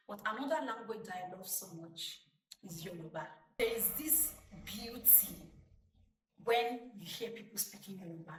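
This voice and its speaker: A young Nigerian woman in her twenties, a vlogger telling stories from her childhood in a chatty, lively way. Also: mid-range voice. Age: 20s. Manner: chatty, lively retelling with acted-out quotes. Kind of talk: casual storytelling to camera. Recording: roomy, distant mic.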